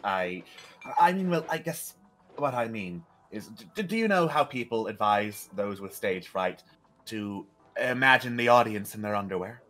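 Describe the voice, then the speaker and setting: A man's voice: on the low side, expressive, moderate pace, fairly bright tone, soft background music. An actor playing an anxious Englishman, a stage performer living in France, who talks in a hesitant, rambling way. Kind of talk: character role-play.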